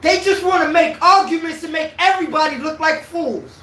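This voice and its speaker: A woman's voice: extremely high pitch, a little fast, a bit bright, slight background noise. A woman from New York with a New York accent, giving a heated, preachy opinion rant and repeating her points.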